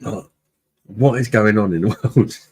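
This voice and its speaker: Viewer comments get read out by a man hosting a beer review live stream, all in casual, loose chat. Blunt and freely swearing, he laughs often, and his very low, husky, rough voice comes across a little slow and a little mellow.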